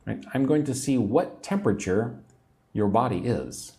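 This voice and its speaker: An American man giving a livestream English lesson, repeating phrases clearly and greeting viewers by name. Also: medium pitch, animated, normal speed, mellow. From United States. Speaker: English teacher.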